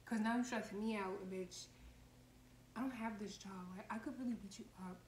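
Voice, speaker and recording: A woman's voice: mid-range voice, fairly even intonation, moderate pace. A woman in her twenties telling a heated, profane story in a casual vlog. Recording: echoey room, faint background noise.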